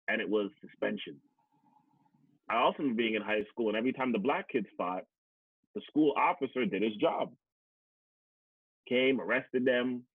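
A man's voice: on the low side, breathy edge, no echo. A man from Canada telling personal stories in a blunt, emphatic way, swearing and repeating words for stress. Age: adult, past teachers college. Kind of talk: candid conversational storytelling. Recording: tinny phone-like sound, dry.

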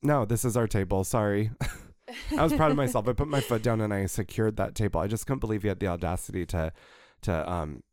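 A man co-hosting a podcast, chatting casually and telling an animated, jokey story. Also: on the low side, fast, dry recording. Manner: animated, jokey, raises voice for quoted lines. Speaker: podcast co-host.

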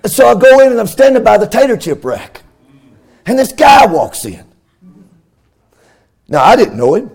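A middle-aged pastor, preaching a fervent sermon in a sing-song cadence that swells into shouts. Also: male voice, extremely high pitch, big pitch swings, normal speed, gravelly, long pauses, slightly rough.

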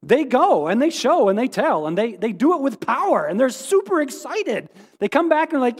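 A man preaching a sermon as pastor, lively and animated, acting out quoted voices and putting questions to his listeners. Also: very high voice, normal speed, few pauses, big-room sound.

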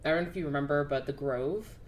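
A woman's voice: sits low, fast talker, crowd noise. A woman co-hosting a podcast, chatting in a laid-back, rambling way and laughing often. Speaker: podcast co-host. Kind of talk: casual chat.

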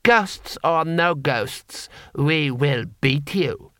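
A haughty, sneering noble lord, as a male narrator puts him on, drawing out each word slowly and coldly. The delivery is dry and close to the mic. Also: on the high side, bright, forceful tone, no echo, full character voice.

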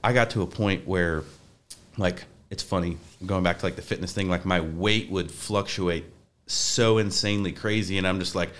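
Low-pitched and a bit bright, this young podcast guest's voice stays fairly even in intonation at a moderate pace. He chats casually but rambles, with many restarts and plenty of "like."

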